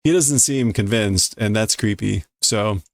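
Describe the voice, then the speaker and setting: A gravelly, fairly low-voiced man reads a comic aloud and translates it at an unhurried pace. He talks in a halting way, correcting himself often and chuckling along. The sound is dry and close. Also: no room sound. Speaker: streamer reading manga to learn a language. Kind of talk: casual read-through with translation.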